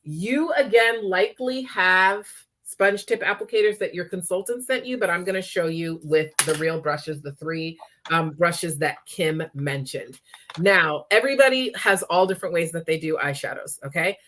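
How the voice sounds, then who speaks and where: A woman's voice: lowish voice, normal speed, fairly bright tone, slight background noise. A woman demonstrating makeup in a live tutorial, talking chattily and often checking in with her viewers. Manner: chatty, checks in with frequent "okay?".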